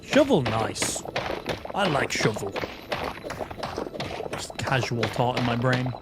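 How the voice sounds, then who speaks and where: Irish male streamer, profane and mocking, animated delivery, music under the voice. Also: mid-range voice, takes it slowly. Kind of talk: casual gaming livestream commentary.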